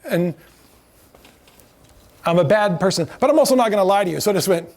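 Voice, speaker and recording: High-voiced man telling lively stories. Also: a little fast. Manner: animated, acts out quoted voices, laughs often. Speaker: lecturer. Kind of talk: storytelling lecture.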